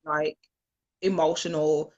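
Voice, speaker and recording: A woman's voice: sits low, slow, dull audio. A woman host sharing personal stories in a reflective casual chat. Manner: reflective, storytelling, lively quoted voices.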